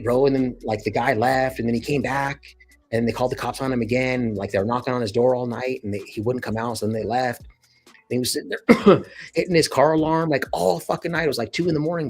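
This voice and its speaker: A man with a somewhat husky voice chats casually with his viewers in rough, slang-heavy talk full of swearing. He rambles through a long story, and faint music plays behind him. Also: medium pitch. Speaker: channel host. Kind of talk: casual livestream chat.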